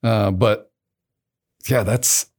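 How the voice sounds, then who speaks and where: Low-voiced man hosting, playfully teasing. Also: fairly even intonation, extremely slow, darkish tone, slightly rough. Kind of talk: casual chat.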